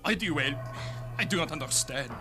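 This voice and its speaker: An actor playing an earnest, bewildered young pilot in a radio drama. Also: male voice, on the high side, expressive, fairly quick, music in the background, close to an everyday voice.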